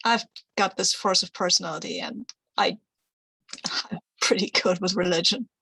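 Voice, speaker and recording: Female player, bright and dry, rambling and restarting. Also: on the low side, fairly even intonation, normal speed, breathy edge, dry recording, low-quality recording. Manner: rambling, self-reassuring, with restarts. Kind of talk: casual tabletop play.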